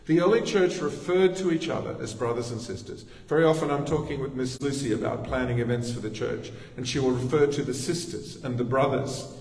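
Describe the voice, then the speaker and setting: A man's voice: medium pitch, a little fast, hardly any pauses, darkish tone. A man with an Australian accent preaching a sermon in a conversational way, with asides to the congregation. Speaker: pastor. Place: church sanctuary. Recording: echoey church hall, distant mic.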